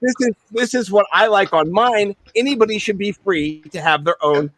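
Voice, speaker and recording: A middle-aged man co-hosting a casual sports podcast, talking in an animated, rambling way with many restarts. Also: sits high, moderate pace. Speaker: podcast co-host.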